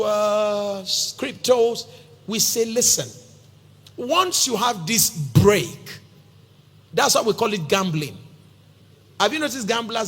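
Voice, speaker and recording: Nigerian male pastor, high husky voice, echoing hall, storytelling sermon with humor. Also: fairly bright tone. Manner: storytelling, humorous, addresses listeners as sir. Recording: long hall reverb.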